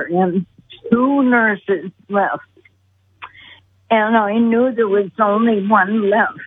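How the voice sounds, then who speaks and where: A woman telling a long personal story in an earnest, unhurried way, heard over a telephone. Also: mid-range voice, husky, dry recording. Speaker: guest. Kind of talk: storytelling on a call-in show. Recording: tinny phone line.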